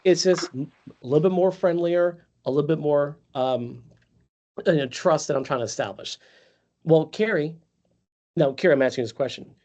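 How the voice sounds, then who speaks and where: A man's voice: a little high, normal speed, darkish tone. A man leading a live virtual sales training, talking conversationally and calling on trainees by name. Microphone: video call. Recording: lo-fi video call audio.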